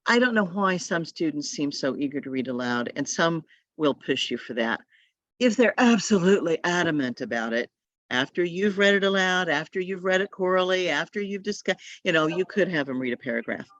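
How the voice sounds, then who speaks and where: A woman's voice: on the low side, lively intonation, a little fast, a bit bright, no room sound. Woman trainer, chatty and advice-giving, over a dull lo-fi call line. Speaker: literacy tutor trainer. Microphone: video call.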